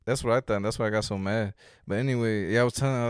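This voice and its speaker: A young man telling a story in casual chat, animated, swearing freely and acting out quotes loudly. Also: on the low side, racing, hardly any pauses, clear, resonant tone, dry recording, studio quality.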